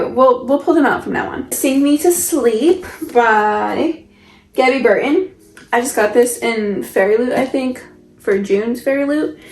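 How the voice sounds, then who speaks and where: A young woman chatting casually as she shows off the books on her shelf, rambling and asking herself questions. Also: a little high. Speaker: book vlogger. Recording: echoey room with soft music. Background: soft background music.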